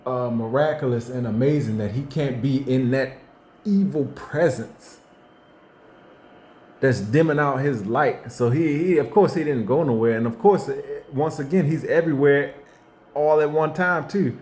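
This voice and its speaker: A man giving an unscripted faith monologue in a folksy, conversational way. He repeats himself and restarts often, moving between hushed reflection and fired-up bursts. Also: medium pitch, unhurried. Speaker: motivational faith speaker.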